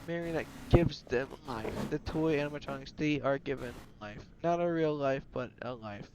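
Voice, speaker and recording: A man's voice: medium pitch, moderate pace, few pauses, background noise. A man casually narrating a game story, rambling and offhand. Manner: rambling and offhand, slipping into character voices. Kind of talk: casual storytelling over gameplay.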